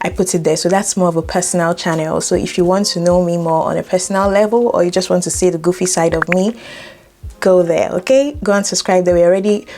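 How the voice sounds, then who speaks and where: A woman's voice: on the low side, fast talker, warm tone, slight background noise. A young woman hosting a casual tutorial, playful and jokey, talking straight to viewers. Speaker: tutorial host.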